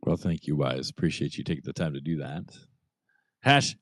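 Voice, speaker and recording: A man's voice: extremely low pitch, normal speed, a bit bright, no echo, studio quality. A man joking easily while co-hosting a casual online community call. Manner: joking, easygoing.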